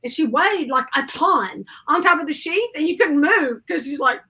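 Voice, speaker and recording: Bright, high-voiced chatty woman. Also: moderate pace. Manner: rambling storyteller, animated, acts out quotes. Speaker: craft show host. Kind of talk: casual chat.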